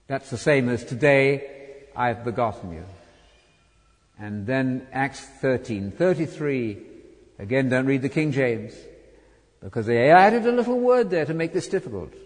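A man teaching a Bible study sermon, emphatic, with rhetorical questions and wide swings from loud to soft. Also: medium pitch, animated, a little slow. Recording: long hall reverb.

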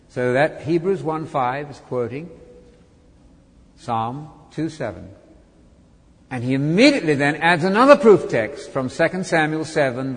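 A man teaching a Bible study sermon, emphatic, with rhetorical questions and wide swings from loud to soft. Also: medium pitch. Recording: long hall reverb.

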